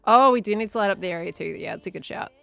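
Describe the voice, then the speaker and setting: Streaming a building game, a woman chats away, reads out messages from chat, and muses aloud while she builds. Her mid-range voice is very fast, with vocal fry and a pushed, bright, clean tone. The recording is dry.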